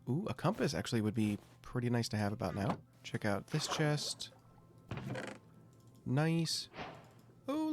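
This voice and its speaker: A man's voice: medium pitch, slight background noise. A young adult man giving casual gameplay commentary, thinking aloud with self-mocking asides. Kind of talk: casual let's-play commentary.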